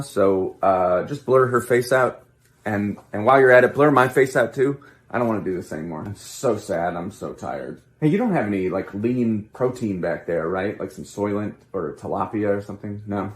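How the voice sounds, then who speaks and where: A man playing a weary, awkward male politician in a comedy sketch, halting and mock-cheerful with despairing asides. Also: fairly low pitch, lightly acted. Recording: roomy echo.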